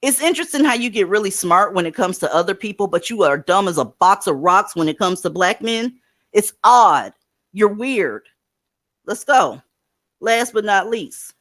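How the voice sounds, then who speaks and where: A woman's voice: medium pitch, animated, moderate pace, a bit bright, no room sound, studio quality. A woman hosting a livestream, giving blunt, profane commentary and advice to her callers. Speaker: livestream host.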